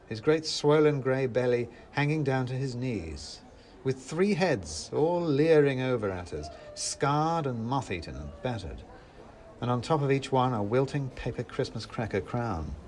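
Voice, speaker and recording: Lively, wry male storybook narrator. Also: mid-range voice, slight background noise.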